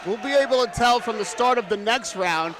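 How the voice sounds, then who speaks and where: A man's voice: very high-pitched, brisk, noisy background. A man giving live ringside boxing analysis, articulate and analytical. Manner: articulate, analytical, laughs easily. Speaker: boxing pundit. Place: boxing arena. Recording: loud arena crowd behind. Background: arena crowd.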